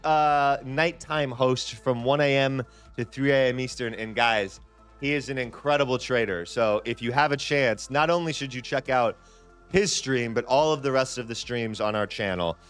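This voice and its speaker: A man's voice: mid-range voice, a bit bright, clean tone. A man hosting a live trading stream in a loose, chatty way, repeating phrases and restarting his sentences. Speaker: livestream trading host. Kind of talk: casual live-stream chat.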